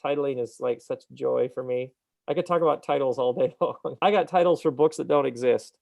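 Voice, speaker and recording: A middle-aged man with a gravelly, creaky edge to his voice chats as an author in an interview. He is animated and reflective, often laughing at his own points. He is recorded close and dry, with no room sound. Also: mid-range voice, a little fast, no room sound. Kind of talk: casual interview conversation.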